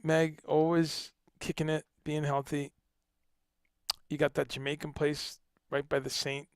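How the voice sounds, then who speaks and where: Gravelly, animated livestream host. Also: male voice, on the high side, a little slow, no echo, clean studio sound. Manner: animated, joking, swears casually. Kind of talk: casual livestream chat.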